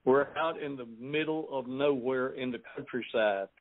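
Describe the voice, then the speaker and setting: An older man with a Southern US accent, a pastor speaking slowly and plainly, repeating himself. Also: medium pitch. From South Mississippi, USA. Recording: tinny phone line.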